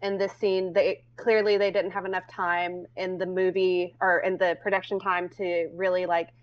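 A woman's voice: on the low side, level tone, moderate pace. Rambling woman on muffled audio. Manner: rambling, filler-heavy. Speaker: podcast co-host. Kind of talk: casual chat.

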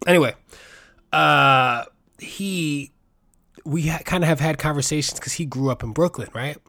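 A man's voice: mid-range voice, no room sound. A man, from the Bronx, telling a rambling, profane story full of tangents as a podcast host. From New York City, the Bronx. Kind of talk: casual monologue.

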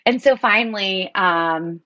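A woman tells a personal story in an easy conversational way, with lots of fillers. She gets animated and acts out what people said, laughing often. The recording is a little dull and dry, with no room sound. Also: mid-range voice, slow pace, no room sound. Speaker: guest telling her story.

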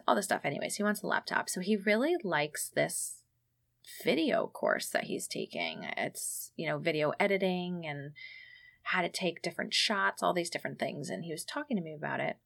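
A woman's voice: fairly low pitch, animated, brisk, creaky, fairly bright tone. A woman in her thirties chatting casually on a podcast, telling stories and quoting others in dialogue. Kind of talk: casual chat.

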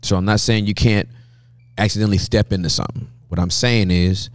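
A man speaking as a guest pastor, telling animated sermon-style stories with a preacher's cadence and frequent laughter. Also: lowish voice, brisk, dry recording.

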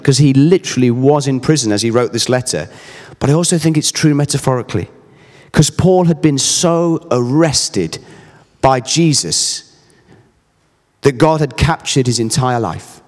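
A man's voice: medium pitch, expressive, moderate pace, darkish tone, big-room sound. A man in his thirties preaching a sermon, earnest and emphatic, mixing scripture with personal stories. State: briefly emotional.

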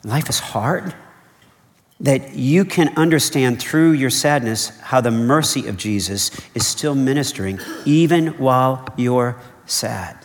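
A man's voice: mid-range voice, unhurried. A man preaching a sermon as pastor, earnest and conversational, repeating his key points and checking in with "okay?". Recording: long reverb of a large hall.

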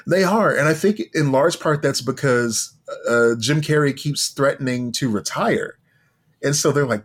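A man's voice: mid-range voice, breathy edge. A man co-hosting a podcast, chatting casually in a wry, loose way, sometimes reading aloud and swearing for emphasis. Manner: wry, profane, drawn-out musing. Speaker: podcast co-host. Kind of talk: casual chat.

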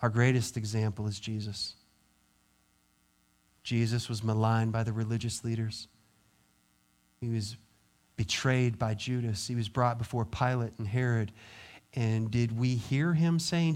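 A pastor preaching a sermon, acting out quoted voices and dropping to quiet intensity. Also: male voice, medium pitch, unhurried, pauses often.

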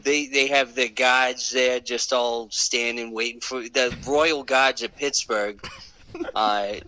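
A man's voice: medium pitch, steady tone, slow pace, bright, forceful tone. A man playing a brash, rambling Boston caller with a Boston accent in an improvised comedy bit. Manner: rambling, confidently clueless.

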